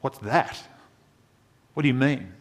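A man doing a tough Maori construction guy with a Maori New Zealand accent. He is blunt and direct, pushed up loud and high above the speaker's usual voice. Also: animated, takes it slowly. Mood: puzzled.

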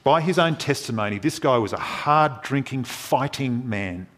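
Guy preaching a sermon, earnest and measured, lots of pauses, middle pitch. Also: lively intonation, fairly bright tone.

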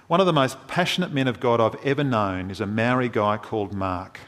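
Guy preaching a sermon, earnest and measured, lots of pauses, middle pitch. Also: fairly bright tone.

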